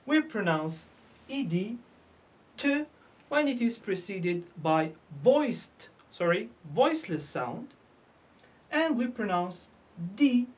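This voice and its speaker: A woman's voice: mid-range voice, darkish tone. A woman teaching English pronunciation, asking and answering her own questions and repeating each word. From North Africa. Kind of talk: slow classroom lesson.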